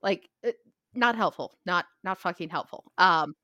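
A middle-aged woman hosting a podcast, expressive and blunt, swearing freely as she tells stories. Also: lowish voice, moderate pace, no echo, clean studio sound. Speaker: podcast host. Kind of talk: casual conversational chat.

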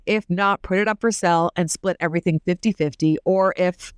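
A woman hosting a casual recap podcast, chatty and opinionated, full of quick asides. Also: on the low side, clear, resonant tone, no room sound, studio quality. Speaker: podcast host.

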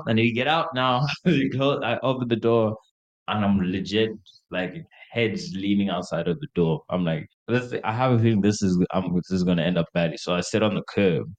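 A man's voice: on the low side, animated, moderate pace. A young man co-hosting a podcast, casually telling a party story, acting out quotes in a raised voice and laughing often. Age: young adult. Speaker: podcast co-host.

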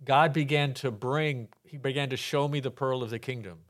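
An older man from Texas, a podcast guest telling his faith testimony in a lively way, acting out the voices in his anecdotes and laughing often. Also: mid-range voice, moderate pace.

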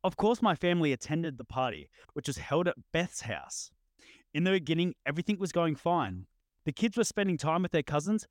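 Male co-host, higher lively voice, stumbly reader, dry mic. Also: no echo. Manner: stumbling reader, frequent self-corrections. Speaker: podcast co-host reading stories. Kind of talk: reading aloud on a casual podcast.

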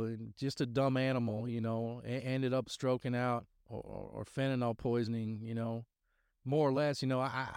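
A middle-aged man tells a story on his podcast in a loose, rambling way, circling back and restarting his sentences. His voice is smooth and clear, recorded close and dry. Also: medium pitch, a little mellow, no echo. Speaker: podcast host sharing testimony. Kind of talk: casual spoken testimony.

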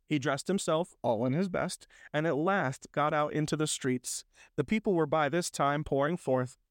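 A man reads a classic story aloud, expressive and unhurried. His voice sits in an ordinary middle range. The sound is close and dry, with no room around it. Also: medium pitch, no room sound. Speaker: audiobook reader.

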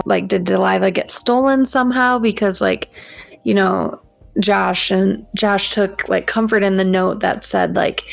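A woman co-hosting a book podcast, talking in a relaxed way with lots of fillers. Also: mid-range voice, creaky, dry recording. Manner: relaxed, filler-heavy talk. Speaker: podcast co-host. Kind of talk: casual book discussion.

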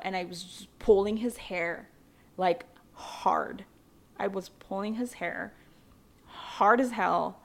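With a medium-pitched voice, a young woman from the Philippines shares her childhood story in a vlog. She's candid and talkative, leaning on fillers and swearing casually as she goes.

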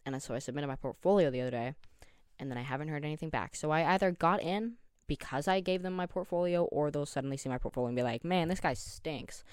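A man's voice: fairly high pitch, quick pace, smooth, no room sound, studio quality. A young man in his late teens hosting a casual solo podcast, rambling, joking and teasing himself. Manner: rambling, jokey and self-deprecating. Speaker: podcast host. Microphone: studio headphones with a desk mic.

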